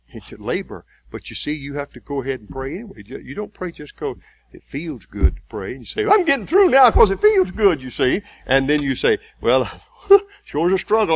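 A man preaching a sermon in a folksy way, building to loud, emphatic, slowly repeated lines. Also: mid-range voice, husky, no echo, dull audio.

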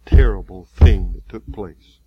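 A man preaching a sermon, retelling a story vividly with halting restarts. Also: lowish voice, narrow, tinny audio, a little hiss or hum.

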